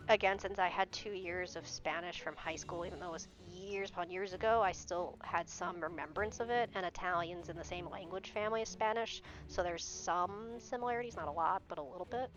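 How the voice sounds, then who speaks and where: A woman's voice: fairly low pitch, brisk, few pauses, a bit bright. A young woman streamer telling a story in casual chat, exasperated and swearing often. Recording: dull lo-fi stream audio. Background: faint background music.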